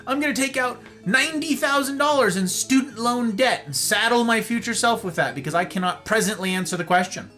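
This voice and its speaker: A man hosts a live-streamed talk with a lively, swooping delivery, full of emphatic points and wry sarcasm. His tone is bright and forceful, and soft instrumental music plays faintly behind him. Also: very high voice, fairly quick, hardly any pauses. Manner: emphatic, animated and sarcastic, with playful asides. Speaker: host. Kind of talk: livestreamed talk monologue.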